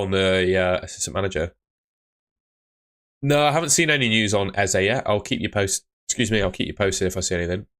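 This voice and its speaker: Laid-back low-voiced streamer. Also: male voice, a bit bright. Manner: chatty, answers viewers' questions, calls them mate. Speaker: live stream host. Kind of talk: casual live stream chat.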